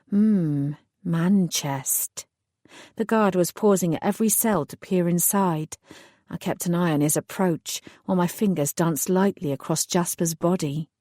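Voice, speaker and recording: A woman narrating a first-person audiobook in a measured, lightly wry way. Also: on the low side, dark tone, no room sound, clean studio sound.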